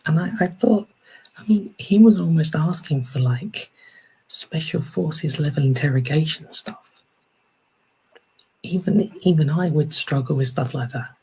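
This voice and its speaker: A woman from England, a podcast guest in casual chat, soft-spoken and breathy, with halting restarts. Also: deep voice, poor audio.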